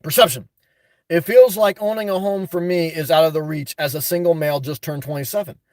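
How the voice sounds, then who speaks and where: A man hosting a livestream from inside his car, reading out viewer comments and answering bluntly, often breaking into loud, laughing rants. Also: on the high side, fairly quick, dry recording, clean studio sound. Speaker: livestream host. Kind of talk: live-stream chat reading.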